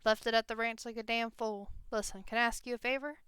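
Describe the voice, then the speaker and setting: A woman's voice: on the high side, fairly even intonation, fast talker, a bit bright, dry recording, studio quality, natural voice. Susie, a woman doing a bitter frontier woman. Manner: subdued, rough folksy grammar.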